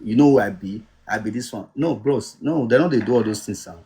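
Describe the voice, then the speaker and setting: A man's voice: fairly low pitch, fairly quick, a crowd in the background. A man with a Nigerian accent talking in a casual live stream, insistent and often asking if he is understood. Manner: insistent, repeats "you understand?".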